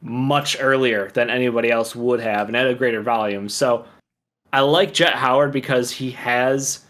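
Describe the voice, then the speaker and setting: A man's voice: mid-range voice, fairly even intonation, normal speed, fairly bright tone. Male co-host, casual sports talk, enthusiastic and rambling.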